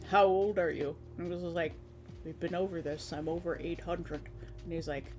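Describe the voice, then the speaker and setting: A streamer chatting casually in a rambling, animated way, recapping a tabletop game and slipping into quick quoted voices of the characters. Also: mid-range voice, soft background music.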